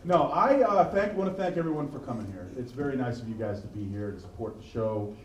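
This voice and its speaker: A man's voice: medium pitch, animated, a little fast, highs cut off. A man headlining a stand-up comedy show, bantering with the audience in a dry, self-deprecating way. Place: comedy venue with live audience. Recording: echoey room, distant mic, background noise.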